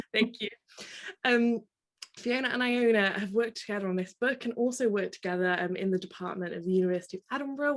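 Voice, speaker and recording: A woman hosting an interview, introducing guests and asking friendly, rambling questions with fillers. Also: mid-range voice. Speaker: host.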